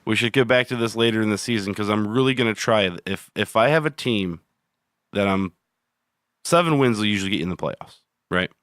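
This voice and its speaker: Male podcast co-host, lowish voice, casual and profane, dry close sound. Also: a little fast, fairly bright tone, no room sound. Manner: rambling, profane, laughs easily. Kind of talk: casual chat.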